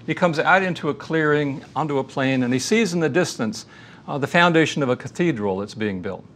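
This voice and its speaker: Earnest man giving a measured lecture. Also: a little high, animated, fairly bright tone, a little hiss or hum. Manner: earnest, measured, storytelling teacher. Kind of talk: recorded faith-based lecture.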